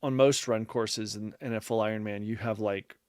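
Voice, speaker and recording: A man's voice: lowish voice, fairly even intonation, normal speed, a little mellow, clear, resonant tone, dry recording, studio quality. A man co-hosting a casual podcast who rambles a little and reads listener comments aloud. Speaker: podcast co-host.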